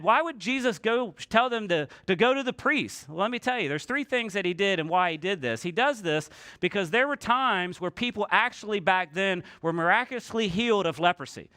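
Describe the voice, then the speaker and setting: A man's voice: high voice, pushed and bright. A male pastor preaching a casual, conversational sermon in church, often acting out the voices of people in the story.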